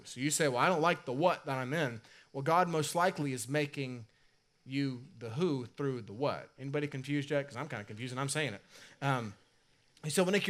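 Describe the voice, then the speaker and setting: Conversational pastor, higher-pitched man. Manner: conversational, self-deprecating, repeats key lines for emphasis. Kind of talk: sermon. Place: church sanctuary.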